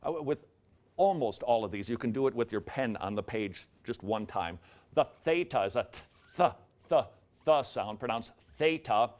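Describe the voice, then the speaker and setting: A man's voice: medium pitch, animated, normal speed, a little mellow. Jokey man teaching letter sounds. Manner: jokey asides, repeats sounds aloud. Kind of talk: casual video lesson on the alphabet.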